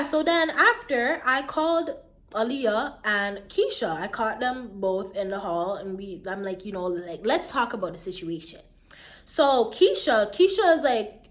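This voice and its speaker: Chatty young woman with a fairly high voice who keeps checking the listener follows. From Jamaica. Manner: chatty, animated, keeps asking "you get what I mean". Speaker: vlogger. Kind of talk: casual storytime chat.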